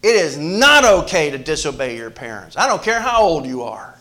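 A man preaching a sermon to his church, moving between loud emphasis and hushed asides, often repeating words and restarting phrases. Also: on the high side, sing-song, normal speed. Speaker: pastor.

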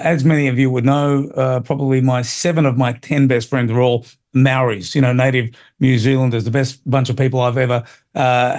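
An Australian man in middle age runs a talk radio show. He holds forth in an opinionated, rambling way, with plenty of fillers and restarts, and his voice sits at an ordinary mid pitch. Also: a little mellow.

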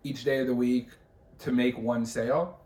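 A man's voice: medium pitch, steady tone, moderate pace, darkish tone, far from the mic. A man interviewing in casual chat, asking questions with hesitant restarts. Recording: echoey room.

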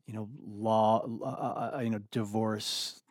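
Middle-aged man, low-voiced guest sharing candidly, halting and earnest, dry close sound. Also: level tone, a little mellow, dry recording. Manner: earnest, reflective, halting with many restarts. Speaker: interview guest. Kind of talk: candid personal conversation.

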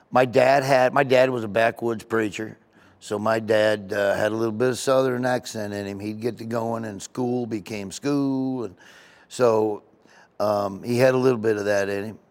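A man's voice: on the low side, fairly even intonation, normal speed. A man, a comedian guest, telling rambling stories in a casual interview. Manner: rambling, storytelling with asides.

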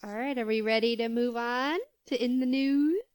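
A woman co-hosting a casual podcast, teasing her co-host and throwing in quick quips. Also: on the high side, darkish tone, clean tone, no room sound, studio quality.

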